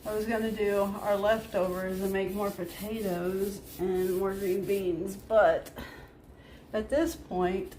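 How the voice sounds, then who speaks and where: Slow, chatty woman livestreaming at home. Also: mid-range voice, flat delivery, warm tone, slight background noise. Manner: chatty, laughs often, talks to her dogs. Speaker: livestream host. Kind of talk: casual livestream chat. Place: living room being painted, indoors.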